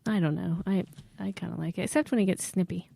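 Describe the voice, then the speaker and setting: A woman's voice: on the low side, fast talker, gravelly, warm tone, dry recording, studio quality. A woman co-hosting a comedy podcast, telling a story and teasing the others. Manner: teasing, tells stories at an easy pace. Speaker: podcast co-host. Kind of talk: casual storytelling chat. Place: podcast studio.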